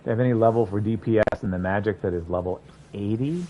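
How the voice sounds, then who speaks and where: Low-voiced rambling game streamer, a man. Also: quick pace, warm tone, lo-fi sound, slight background noise. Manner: chatty, rambling, thinking aloud. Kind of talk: casual gameplay commentary.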